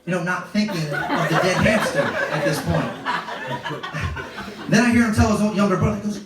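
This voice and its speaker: Against heavy background noise, a man in his thirties with a high voice tells stories fairly quickly in a stand-up comedy set on a club stage. His humor is wry and self-deprecating, captured by a distant mic in an echoey club room with audience laughter.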